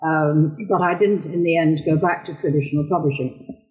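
A woman's voice: deep voice, steady tone, moderate pace, dull audio. An older woman novelist talking casually in an interview, chatty with ums and asides.

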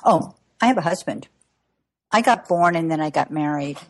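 Chatty woman in her sixties, fairly low. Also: lively intonation, normal speed. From United States. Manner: chatty, laughs often, many fillers. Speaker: cookbook author. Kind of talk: interview conversation.

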